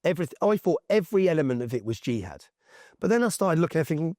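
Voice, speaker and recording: A man with a lively, swooping delivery and a slightly raised pitch tells his story emphatically, with plenty of slang. The recording is dry and close, with no room sound at all. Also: quick pace, no echo. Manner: emphatic, slangy, tag questions like "yeah?". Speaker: interview guest. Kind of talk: animated personal storytelling in conversation.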